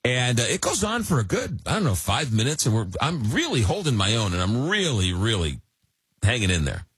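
A middle-aged man from Long Island hosting a radio talk show, telling stories in a rambling, animated way. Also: medium pitch, fairly quick, slightly rough, no room sound. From Long Island, New York. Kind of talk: casual radio chat.

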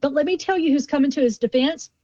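A woman's voice: high voice, fast talker, warm tone, muffled recording. A woman co-hosting a radio show, chatty and teasing as she tells entertainment gossip. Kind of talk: morning radio banter.

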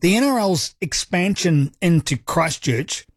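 A man's voice: sits high, lively intonation, a little slow, husky, dry recording, studio quality. A man with a New Zealand accent hosting a sports talk radio show, upbeat and chatty with a joking manner. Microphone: studio microphone.

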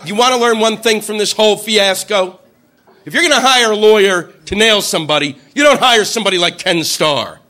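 A male stand-up comedian ranting profanely through a routine and shouting out mocking quotes. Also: high voice.

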